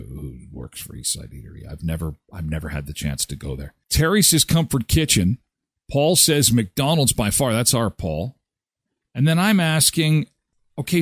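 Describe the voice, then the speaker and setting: A man's voice: mid-range voice, no room sound. A man hosting a morning show, chatting casually and rambling with self-mocking asides. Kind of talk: casual live radio chat.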